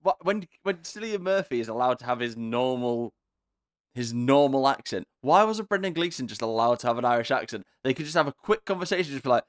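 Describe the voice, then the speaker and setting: A man's voice: mid-range voice, expressive, brisk, no room sound. A young man co-hosting a casual film podcast with dry, sarcastic humor. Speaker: podcast co-host. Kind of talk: casual film review chat.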